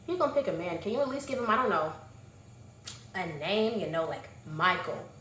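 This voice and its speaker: A woman vlogger giving a casual, sassy movie review with animated, exclamatory asides. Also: fairly low pitch, a little fast, a little hiss or hum. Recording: echoey room.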